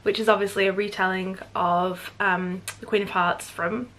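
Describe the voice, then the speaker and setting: A woman's voice: medium pitch, flat delivery, normal speed, fairly bright tone, a little hiss or hum. A woman in her twenties chatting enthusiastically about books she bought, gushing and chatty. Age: 20s. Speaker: book vlogger. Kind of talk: casual book haul vlog.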